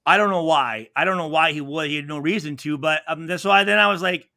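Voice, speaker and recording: A man's voice: a little high, brisk, sharp tone. A man in his forties, a former football safety, telling rambling, profane stories in a casual interview and acting out what others said. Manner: profane, rambling, acts out quotes.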